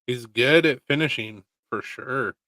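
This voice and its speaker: A man chats casually on a stream, relaxed and half to himself. His voice sits at an ordinary middle pitch. The sound is dry, with no room around it. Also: a little slow, no room sound. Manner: relaxed, muttering asides. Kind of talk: casual chat.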